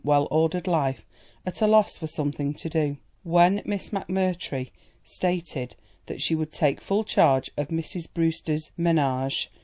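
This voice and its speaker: An audiobook narrator reading a period novel in a measured, even way. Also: medium pitch.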